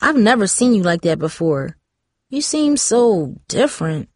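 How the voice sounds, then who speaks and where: A woman's voice: medium pitch, big pitch swings, unhurried, a little mellow, no echo, clean studio sound. A woman reading the part of a cautious, caring teenage girl in a storybook, earnest and pleading. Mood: worried.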